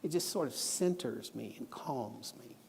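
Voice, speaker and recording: A man's voice: mid-range voice, expressive, unhurried, creaky, darkish tone, a little hiss or hum. Earnest male preacher in a reverberant hall. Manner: earnest, storytelling, instructive. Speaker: guest preacher. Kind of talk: sermon lesson. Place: church auditorium. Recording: long church hall reverb.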